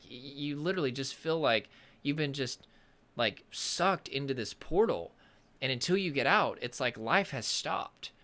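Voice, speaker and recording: Animated, bright-voiced man rambling to camera. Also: mid-range voice. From Southern United States. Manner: rambling, searches for words, self-deprecating humor. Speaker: nervous system coach. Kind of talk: casual monologue to camera.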